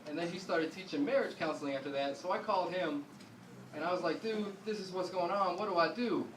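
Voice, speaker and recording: Profane high-voiced stand-up comic in a roomy club. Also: male voice. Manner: profane storytelling with deadpan asides, voicing others in quotes. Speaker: stand-up comedian. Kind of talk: stand-up comedy set. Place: comedy club stage before a live audience. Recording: roomy club sound, distant mic, audience noise.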